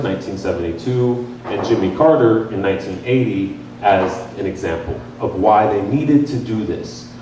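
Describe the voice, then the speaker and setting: A man's voice: medium pitch, a little hiss or hum. A young man giving a casual, jokey training talk to a crowd in a bar lounge, recorded by a camera from some distance. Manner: animated, jokey, conversational. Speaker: campaign volunteer trainer. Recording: very echoey room from far off.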